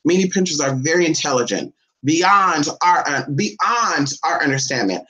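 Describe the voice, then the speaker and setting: A vlogger at home chatting to the camera and a pet dog, cursing freely, calling everyone honey and jumping into a squeaky high voice to tease the dog. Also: expressive, moderate pace, sharp tone. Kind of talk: casual, profane home vlog. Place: indoors at home. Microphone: phone or camera set down nearby.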